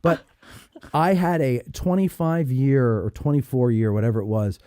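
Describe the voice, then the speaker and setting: A man hosting a podcast, chatting casually and telling an animated story, acting out the people in it. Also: medium pitch, moderate pace, dry recording, clean studio sound. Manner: animated storyteller, acts out quoted voices. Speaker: podcast host. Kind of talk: casual chat.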